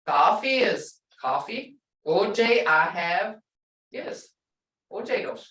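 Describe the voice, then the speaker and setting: Slow, lively-voiced woman teaching a language. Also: medium pitch. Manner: explains patiently, repeats words slowly, laughs lightly. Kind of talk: online language lesson. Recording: roomy sound from a distance.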